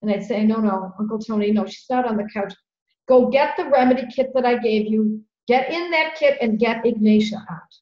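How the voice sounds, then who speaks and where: A woman's voice: fairly high pitch, moderate pace. Earnest woman host in a roomy, dull-sounding space. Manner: earnest, animated storytelling with repeated phrases. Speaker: podcast host. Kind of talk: conversational storytelling.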